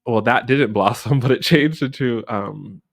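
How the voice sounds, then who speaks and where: Man from the US, casual interview chat, relaxed and rambling, average pitch. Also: unhurried, gravelly. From United States. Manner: relaxed, rambling, many fillers.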